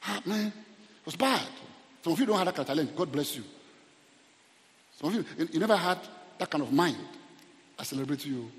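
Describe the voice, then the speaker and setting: Middle-aged Nigerian male pastor, lively humorous sermon, slightly high voice, reverberant church hall. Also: a little fast, pauses often. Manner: humorous, animated, repeats words.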